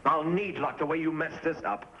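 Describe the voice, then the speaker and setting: An actor playing an anxious, irritable male cartoonist who complains about his health and flares into shouting in a 1950s TV drama. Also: on the high side, close to an everyday voice. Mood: furious. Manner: complaining, quick to anger, shouting at times. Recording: dull old TV soundtrack with faint hiss.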